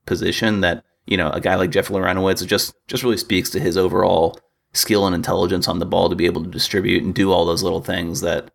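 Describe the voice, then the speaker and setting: Low gravelly man chatting about football. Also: little pitch movement, fast talker. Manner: rambling, hesitant, many fillers and restarts. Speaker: podcast co-host. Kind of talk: casual sports chat.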